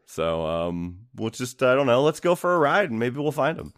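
A man's voice: medium pitch, big pitch swings, moderate pace. A man co-hosting a casual podcast, recapping a video game in a rambling, hesitant way with many ums. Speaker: podcast host narrating a game playthrough. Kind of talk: casual chat.

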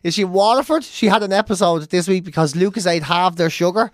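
A man's voice: sits high, fast talker, no room sound, studio quality. A middle-aged Irish man chatting casually as a co-host, swearing freely and telling stories with laughs. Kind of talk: casual chat.

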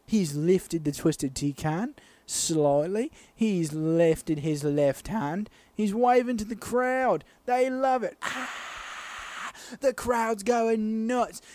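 A man's voice: high voice, dry recording. A drunk young man co-hosting a comedy podcast, laughing a lot and slipping into mock announcer play-by-play. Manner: loud, laughing, swings into playful announcer bits. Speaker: podcast co-host. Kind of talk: drunk comedic chat and mock sports commentary.

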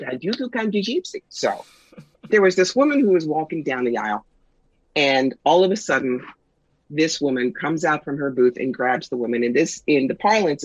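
A middle-aged woman, a guest psychic and author, telling stories in a brisk, wry, punchy way in a casual interview. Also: a bass voice, husky, no room sound. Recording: dull lo-fi sound, dry.

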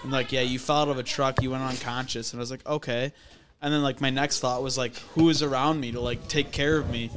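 A man's voice: mid-range voice, steady tone, quick pace, music in the background. Young man telling a story, loose and profane. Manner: loose, profane, filler-heavy. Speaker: podcast guest. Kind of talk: casual storytelling. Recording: audible background noise.

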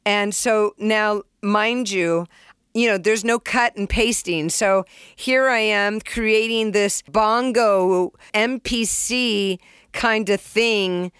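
A middle-aged woman telling stories in a casual interview, candid and animated, swearing freely and acting out beats and sounds. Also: mid-range voice, slow, smooth, no room sound, studio quality. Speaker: songwriter and producer, interview guest.

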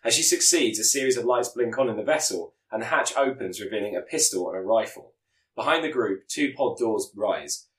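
A man reading out a scripted plot pitch as a podcast co-host, sometimes stumbling and correcting himself. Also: expressive, a little fast, a bit bright, roomy sound, low-quality recording. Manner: reads with stumbles and self-corrections.

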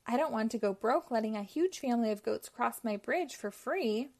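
A woman's voice: on the high side, expressive, normal speed, a little mellow. A woman voicing a grumpy, money-minded male troll who blusters when crossed. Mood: grumbling.

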